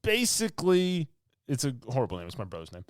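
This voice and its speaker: A man's voice: medium pitch, wildly swooping pitch, fast talker, no room sound. A man co-hosting a podcast, casually recapping a movie in a rambling, filler-heavy way and laughing often. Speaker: podcast co-host.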